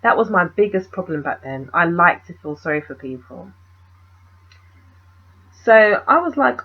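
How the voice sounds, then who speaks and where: Husky chatty woman. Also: lowish voice, sing-song, unhurried, pauses often, muffled recording. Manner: chatty, rambling, asks the viewer questions. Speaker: vlogger telling a story. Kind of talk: casual storytime.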